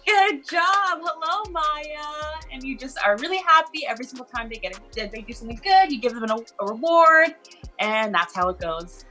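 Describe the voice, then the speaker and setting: A woman's voice: on the high side, expressive, a little fast, sharp tone, faint music behind. A woman mentor explaining an online teaching mock class in an upbeat, encouraging way. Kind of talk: instructional video chat.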